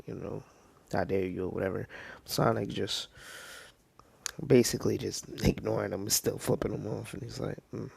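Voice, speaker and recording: A slow, low-voiced man rambles through a fan story, full of fillers and soft asides. His voice is gravelly and fry-heavy. The recording is dry and close, with no room sound. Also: dry recording. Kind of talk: casual off-the-cuff storytelling.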